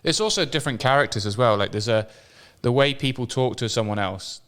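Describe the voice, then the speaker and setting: Smooth-voiced British male podcaster. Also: medium pitch, brisk. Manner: storytelling, profane, animated anecdotes. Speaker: podcast co-host. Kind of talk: casual chat.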